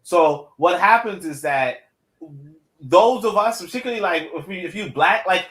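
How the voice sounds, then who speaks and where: A middle-aged man with a high-pitched voice talks freely in a casual podcast conversation. He is animated, repeats words as he thinks aloud, and keeps tagging "right?" onto his points. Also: normal speed, poor audio. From Caribbean family, Jamaican parents. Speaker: podcast co-host. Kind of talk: casual discussion.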